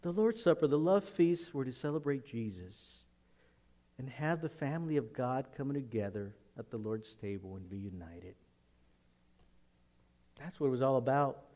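A man preaching a sermon as pastor in a church, animated and laughing as he acts out the people he talks about. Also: mid-range voice, moderate pace, long reverb tail. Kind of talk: expository sermon.

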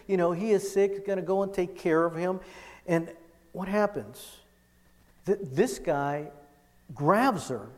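A man preaching a sermon, impassioned, swinging from loud emphasis to hushed urgency as he retells a scripture story. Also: sits high, in a large hall.

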